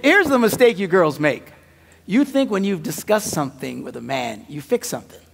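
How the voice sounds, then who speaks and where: A man who is a pastor and comedian, telling comic stories in a sermon, dropping to mumbled asides and jumping to loud punchlines, laughing at his own jokes. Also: high-pitched, sing-song, normal speed, gravelly.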